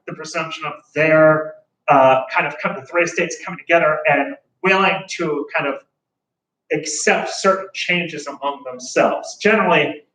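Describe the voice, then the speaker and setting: A man with a slightly high, fairly bright voice gives a conversational history lecture, sometimes acting out the voices of ordinary people. He's far from the mic in an echoey room with faint room noise.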